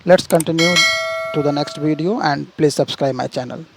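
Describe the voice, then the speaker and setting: Speaking at a normal speed in a slightly high, gravelly voice, a man leads a screen-share coding tutorial. He goes step by step, restarts often, and repeatedly checks in with "see" and "right?". The audio is very noisy.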